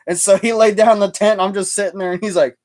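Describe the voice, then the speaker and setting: Male streamer, casual anecdotes, slightly high voice, stumbling delivery. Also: fairly even intonation, fast talker, darkish tone. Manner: storytelling, stumbling restarts. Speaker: livestream host. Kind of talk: casual chat.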